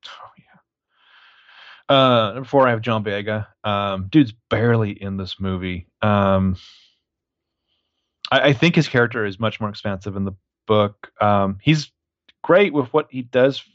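A man's voice: fairly low pitch, a little slow, long pauses, fairly bright tone, no room sound, lo-fi sound. A man co-hosting a podcast, reviewing a movie in rambling, crude, wry casual chat. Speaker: podcast co-host.

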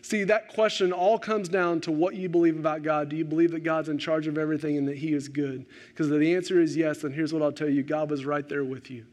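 A male pastor preaching a sermon, rising to animated questions and dropping to slow, hushed emphasis. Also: a little high.

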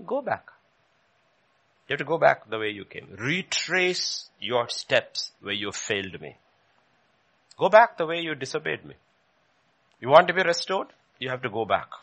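A man preaching a sermon with a gravelly, bright voice that swings widely in pitch. He repeats phrases for emphasis and jumps high when he quotes questions from scripture.

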